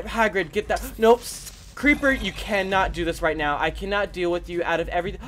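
Let's-play commentary, theatrical host, talks to viewers, middle-pitched voice. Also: moderate pace, few pauses, faint music behind. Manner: theatrical and expressive, talking straight to viewers. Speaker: gaming channel host.

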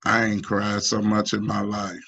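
A low-pitched man talks slowly and haltingly, restarting phrases as he gives heartfelt testimony. His voice climbs in pitch when he pleads. The sound is muffled, lo-fi video call audio. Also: completely flat delivery, bright, forceful tone. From United States. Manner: halting, full of restarts and fillers. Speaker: union member asking a guest. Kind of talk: emotional personal testimony in an online town hall.

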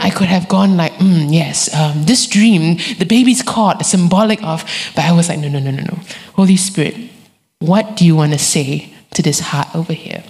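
A woman, preaching a sermon and telling a story with lively quoted voices. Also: lowish voice. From Singapore. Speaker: guest preacher.

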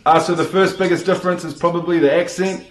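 A man's voice: sits high, fairly even intonation, fast talker. Dry-humored New Zealand man, roomy sound. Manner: dry, offhand, hesitant with fillers. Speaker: comedic video maker. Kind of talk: comedic explainer video.

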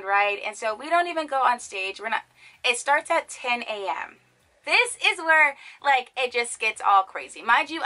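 A young woman chats straight to her viewers, spinning a story with a bright, forceful tone that sits a little high. She keeps it animated and loose, full of fillers and asides. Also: rough recording. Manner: animated, chatty, lots of fillers. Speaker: vlogger. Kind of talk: casual storytelling to camera.

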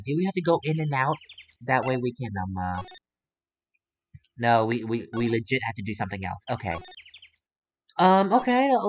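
A young man hosting a let's play, casually commenting on a game in a rambling, self-correcting way. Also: a little high.

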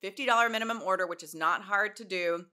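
A woman in her forties hosting a podcast, chatting casually and telling animated stories, swearing now and then. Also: mid-range voice, quick pace. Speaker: podcast host. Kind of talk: casual chat.

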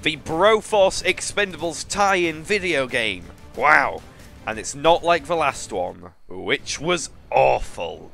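A man with an English accent giving joking, excitable commentary while playing a video game. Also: fairly high pitch, takes it slowly, vocal fry, faint music behind. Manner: excitable, joking, self-mocking. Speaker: gaming YouTuber. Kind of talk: let's play commentary.

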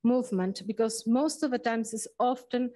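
In a museum event space, a female co-curator whose first language isn't English gives the exhibition's opening remarks. Her fairly high, warm voice stumbles as she hunts for words and keeps starting over.

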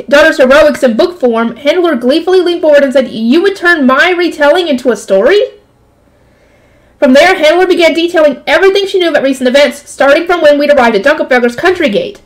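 A woman reads a light novel aloud for her channel in a high voice. She keeps stopping to react to the story with exclamations, groans and quick comments. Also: rough recording.

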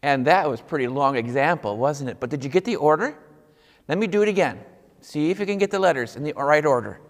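A man's voice: on the high side, lively intonation, fast, long reverb tail. A man teaching a music lesson to young children, patient and encouraging, guiding them through listening and clapping rhythms.

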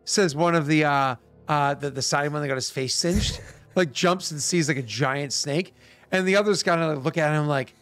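A man's voice: a little high, a bit bright, soft background music. A man running a tabletop game as game master, talking with many fillers, his voice worn out from work. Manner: rambling, halting, lots of fillers.

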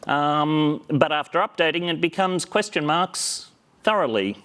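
A man's voice: fairly high pitch, lively intonation, unhurried, fairly bright tone. A man giving a playful lightning talk on a conference stage, joking and getting the crowd to call back. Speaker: conference speaker.

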